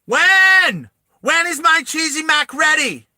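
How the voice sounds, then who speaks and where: A man voicing a whiny young boy with an American accent, yelling and complaining for his food. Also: very high-pitched, expressive, takes it slowly, no echo, studio quality, pitched above the performer's own voice, exaggerated voice.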